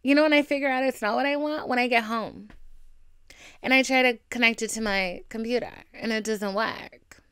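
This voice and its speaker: Candid, smooth-voiced young woman podcaster. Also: a little high, normal speed, pushed and bright, no echo, studio quality. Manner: candid, chatty and profane, with many likes and asides. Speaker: podcast host. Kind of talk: casual solo venting podcast.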